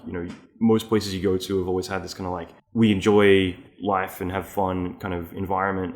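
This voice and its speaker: A man with an Australian accent hosting a casual interview, telling rambling, animated stories and swearing freely. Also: low-pitched. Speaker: podcast host.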